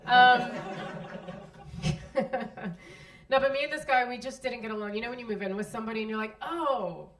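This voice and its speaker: A woman's voice: on the high side, little pitch movement, fairly quick, long pauses, fairly bright tone, recorded from a distance. An American woman performing a stand-up comedy set in a club, chatting with the crowd, laughing at her own jokes and acting out the people she describes. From United States. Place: comedy club stage, live audience. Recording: roomy live recording, mic heard from afar.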